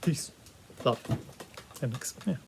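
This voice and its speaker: A man giving a casual video game review, talking in an animated, rambling way full of restarts. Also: takes it slowly.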